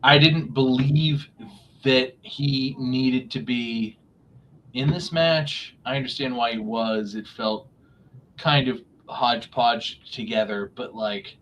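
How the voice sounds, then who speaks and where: A man's voice: mid-range voice, steady tone, slow pace, fairly bright tone, lo-fi sound, slight background noise. A man co-hosting a podcast, ranting in a casual, profane way and mocking others in put-on voices. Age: young adult or middle-aged. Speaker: podcast co-host. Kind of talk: casual chat. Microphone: remote podcast mic.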